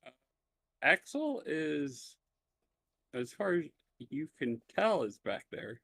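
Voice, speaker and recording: A man running a tabletop role-playing game as game master. He describes the scenes with frequent pauses and fillers. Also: a little high, sing-song, vocal fry, fairly bright tone, no echo.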